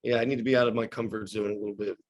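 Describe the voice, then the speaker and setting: A man's voice: lowish voice, flat delivery, rapid-fire. A man in his thirties, a guest actor on a casual podcast, talking reflectively with many restarts and hedges.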